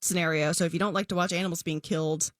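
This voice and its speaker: Low-voiced woman chatting casually. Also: racing, no room sound, studio quality. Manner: animated, laughs often. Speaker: podcast co-host reviewing a film. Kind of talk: casual chat.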